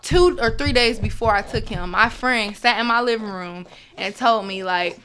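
Young woman telling a story, bright edgy voice, keeps acting out what people said. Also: a little high, moderate pace, a little hiss or hum. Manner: animated, acts out others' words in quotes. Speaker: guest. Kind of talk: personal storytelling.

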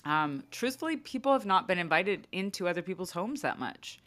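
A woman in her thirties or forties on a podcast, telling a story in a casual, sarcastic, animated way with lots of "like". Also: on the low side, a little fast. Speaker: podcast co-host. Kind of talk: casual chat.

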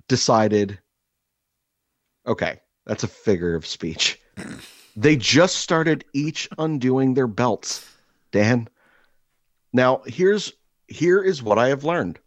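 A man hosting a podcast, telling a crude comic story in an animated, rambling way with many fillers, seated across from his co-host. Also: on the low side, no room sound, lo-fi sound. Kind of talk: casual comedic storytelling.

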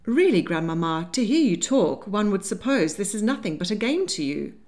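A woman's voice: medium pitch, big pitch swings, moderate pace, darkish tone, close to an everyday voice. A woman doing an urgent, exasperated young lady. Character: agitated young Regency lady, spirited and exasperated.

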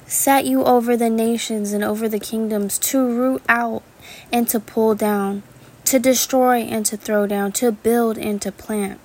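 Woman, devotional podcast preacher, higher pitch, earnest repetitive delivery. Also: steady tone, a little slow, a little mellow. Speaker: podcast Bible teacher. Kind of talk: devotional Bible teaching.

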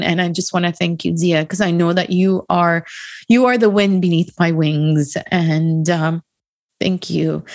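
A woman hosting a podcast who speaks in an emotional, halting way with many fillers, dedicating her show. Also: fairly low pitch, dry recording, studio quality. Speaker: podcast host.

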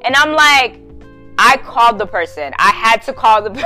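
A young adult woman hosting a podcast, telling a story in a casual, profane, slangy way and laughing loudly, with faint music behind her. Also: fairly high pitch, wildly swooping pitch, a little slow, pauses often. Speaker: podcast host.

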